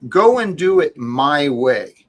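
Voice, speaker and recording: Insistent man with a slightly high voice. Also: slow pace, rough recording. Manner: insistent, repeats calls to calm down. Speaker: host. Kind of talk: heated panel argument.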